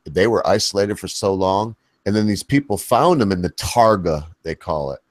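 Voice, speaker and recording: A man's voice: sits low, moderate pace, no echo. A man hosting a casual panel chat, rambling and folksy, often correcting himself mid-sentence. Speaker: host.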